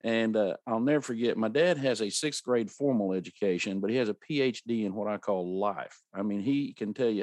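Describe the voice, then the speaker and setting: A man's voice: fairly low pitch, a little fast, hardly any pauses, no room sound. Folksy man in his fifties, dry sound. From rural America. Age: 50s. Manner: earnest, folksy, animated when telling a story. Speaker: podcast host. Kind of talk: conversational interview, storytelling.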